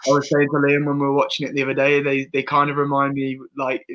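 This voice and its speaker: A man's voice: mid-range voice, completely flat delivery, fast, a bit bright, dull audio. A man co-hosting a casual football podcast, rambling and opinionated, often restarting his sentences. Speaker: podcast co-host.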